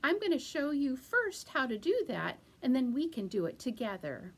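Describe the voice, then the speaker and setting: Animated woman leading a children's storytime. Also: sits high, moderate pace, few pauses, breathy edge. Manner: animated, with sound effects and hand-motion rhymes. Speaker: children's librarian. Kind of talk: storytime reading and rhymes for children.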